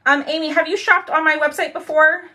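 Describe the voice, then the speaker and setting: A woman's voice: high voice, fairly even intonation, fairly quick, bright, forceful tone. A woman hosting a casual crafting livestream, chatting and greeting viewers by name.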